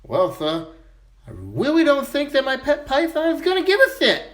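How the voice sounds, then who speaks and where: Man puts on a mischievous boy for a joke, high and pushy. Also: wildly swooping pitch, normal speed, reverberant, exaggerated voice. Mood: cheeky. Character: cheeky mischievous boy Little Johnny.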